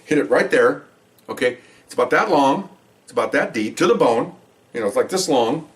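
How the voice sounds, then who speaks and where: A retired police veteran, now older, chats to camera about things that happened on the job, speaking fairly quickly. He animates the stories by voicing quoted dialogue higher. He's heard through a distant microphone.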